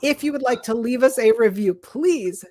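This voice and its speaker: A woman's voice: fairly high pitch, moderate pace, warm tone. A woman co-hosting a podcast in casual chat, dry and offhand, with casual swearing. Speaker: podcast co-host.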